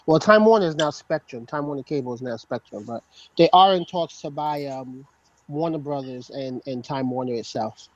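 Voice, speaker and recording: A man's voice: medium pitch, normal speed, dry recording. A man co-hosting a tech podcast in casual chat, hesitant and correcting himself. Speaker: podcast co-host. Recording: dull lo-fi sound.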